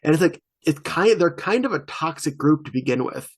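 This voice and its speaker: Male podcast co-host, slightly high voice, relaxed conversational chat. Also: fairly quick, slightly rough. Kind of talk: casual chat.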